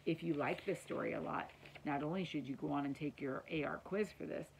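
A woman's voice: deep voice, vocal fry, slight background noise, poor audio. A woman reading a children's chapter book aloud as a teacher would, telling it expressively for children. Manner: expressive storytelling, addresses children. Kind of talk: children's story read-aloud.

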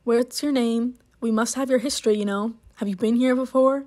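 A woman's voice: on the high side, steady tone, moderate pace, mellow, natural voice. A woman voicing a curt clinic desk attendant with a questioning manner.

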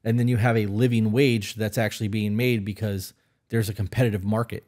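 A man's voice: fairly low pitch, flat delivery, fairly quick, a little mellow. A man co-hosting a podcast, talking bluntly and opinionated, with frequent swearing. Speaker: podcast co-host. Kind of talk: casual opinionated chat.

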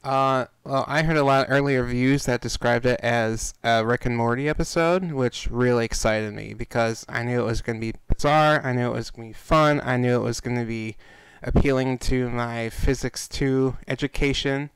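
A man's voice: medium pitch, normal speed, few pauses, smooth, no room sound, rough recording. A man co-hosting a podcast who tells stories in an easygoing way, with some fillers. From Chicago area. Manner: relaxed, easygoing storyteller with fillers. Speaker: podcast co-host. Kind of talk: casual podcast chat.

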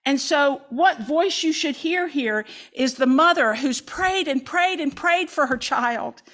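A woman's voice: sits high, takes it slowly, few pauses, fairly bright tone. A woman pastor preaching a sermon, reading scripture dramatically with folksy asides.

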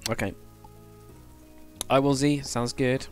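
A man's voice: mid-range voice, steady tone, slow, faint music behind. A man casually chatting on a game livestream, thinking aloud while building and answering chat. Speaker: game streamer.

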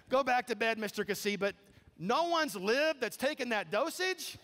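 A man preaching a sermon, telling a story with animated, incredulous quoted dialogue. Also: high voice. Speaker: pastor. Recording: long hall reverb.

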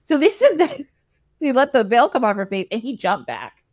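A woman's voice: fairly high pitch, huge pitch swings, moderate pace, noisy background. A woman podcast host casually retelling a fairy tale, laughing often and acting out the characters. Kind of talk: casual storytelling chat.

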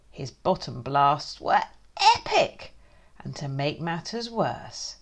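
A woman's voice: sits low, lively intonation, takes it slowly. Playful woman reading a picture book aloud. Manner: playful, dramatic, with whispered asides and sound effects. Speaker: children's author.

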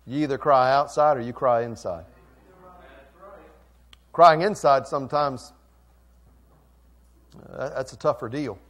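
A man preaching a sermon as pastor, emphatic, swinging from quiet asides to loud calls and repeating phrases for emphasis. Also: medium pitch.

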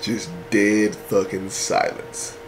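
A young man telling a funny story in a profane, animated, slangy way. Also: fairly low pitch, slow pace, noisy background. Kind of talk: comedic storytelling.

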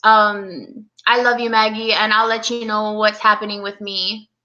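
A young woman hosting a casual live stream, speaking softly and close to tears as she greets viewers by name. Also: medium pitch, flat delivery, a little slow, muffled recording. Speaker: livestream host.

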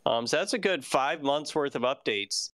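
A man's voice: mid-range voice, expressive, normal speed, a bit bright, no room sound. A man hosting a casual live-stream news chat, rambling with many fillers and restarts. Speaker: show host.

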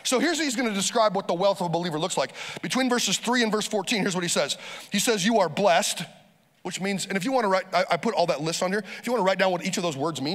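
A pastor delivering a lively sermon, urging the congregation to repeat phrases after him. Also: male voice, sits high, fast, long reverb tail.

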